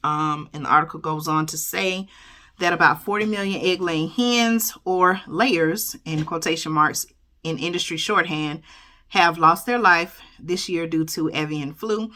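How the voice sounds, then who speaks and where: Fairly low and sharp, this woman's voice takes its time as she reads a news piece for her YouTube audience. Her running commentary is casual and chatty, peppered with "okay?" and "y'all," and she trips over words and corrects them.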